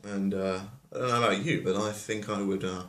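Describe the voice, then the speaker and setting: A man's voice: lowish voice, steady tone, fairly quick, fairly bright tone. A man telling a fairy tale as a comedy, rambling with offhand asides. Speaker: storyteller. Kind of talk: comic storytelling. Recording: roomy echo.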